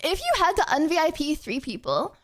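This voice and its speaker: A woman's voice: sits high, sing-song, moderate pace, a bit bright. Giggly, rambling young woman streamer. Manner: giggly, rambling, lots of "like" and "bro". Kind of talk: casual chat answering chat questions.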